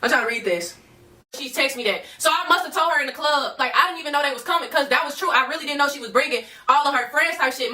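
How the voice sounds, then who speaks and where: A woman telling a personal story casually to her viewers, profane and animated, often calling out to them as y'all. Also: sits high, recorded from a distance.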